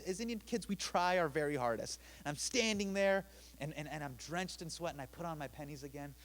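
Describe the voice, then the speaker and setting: A young man telling a self-deprecating personal story on a theater stage, animated and with sudden loud bursts. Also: a little high, fairly quick.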